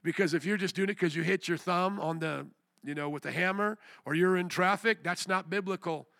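A man preaching a fiery chapel sermon, shouting questions at the students and then dropping into quiet prayer. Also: high-pitched, brisk, creaky, no echo, clean studio sound.

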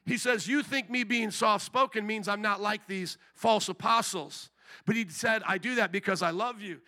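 Male pastor mid-sermon, high and very bright, drives points with repeated questions. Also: moderate pace. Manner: preaching with rising intensity, repetitive rhetorical questions.

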